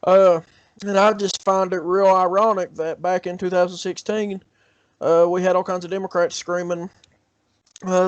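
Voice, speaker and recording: A man with a high voice talks casually, rambling and hesitant, often breaking into a laugh. The recording is dry and dull, with a lo-fi sound. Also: little pitch movement, moderate pace, dry recording. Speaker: podcast co-host. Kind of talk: casual political chat.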